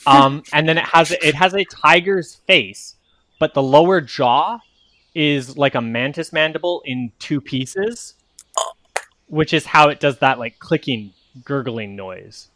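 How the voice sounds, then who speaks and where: A man's voice: a little high, a little slow, sharp tone, no echo. A man running a tabletop game as game master, describing things in a meandering way with many fillers.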